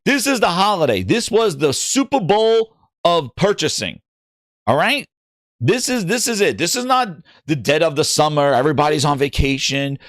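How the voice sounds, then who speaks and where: A man running a gaming livestream, riffing on chat and slipping into mocking voices. His pitch sits a little high and jumps around a lot. The sound is dry, with no room around it. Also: no room sound. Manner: animated, joking, does mocking voices. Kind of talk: livestream commentary, reading chat.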